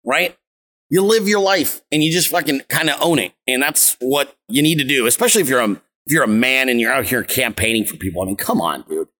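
Man, thirties, political show host, casual profane rant, mocking, outdoors, slightly high voice. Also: sharp tone. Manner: brash, mocking, heavy swearing. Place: outdoors on vacation, windy.

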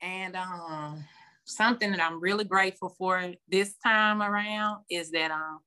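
Bright woman rambling through a personal share, lots of ums, on a phone zoom call. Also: lowish voice, measured pace, clear, resonant tone. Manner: candid, rambling, many ums. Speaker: meeting member sharing. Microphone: phone on video call.

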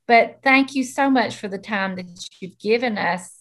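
A woman's voice: mid-range voice, measured pace, a bit bright. A woman with a Southern US accent co-hosting a podcast, playful and teasing as she chats with her guest. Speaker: podcast co-host.

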